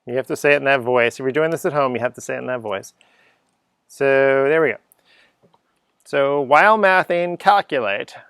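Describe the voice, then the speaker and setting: A man's voice: mid-range voice, lively intonation, normal speed, pauses often, a bit bright, smooth, dry recording, studio quality. A middle-aged man giving an unscripted coding lesson, chatty and thinking aloud, humming little sound effects as he types. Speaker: coding teacher.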